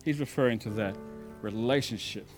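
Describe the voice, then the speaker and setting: A male pastor preaching a sermon in a conversational storytelling way, moving between loud emphasis and quiet asides. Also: on the low side, normal speed, faint music behind.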